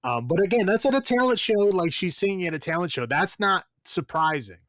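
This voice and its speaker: A man with a high, bright-leaning voice and lively intonation talks briskly as a podcast co-host. His casual movie review is blunt, profane, and rambling with plenty of fillers, and there's no room sound.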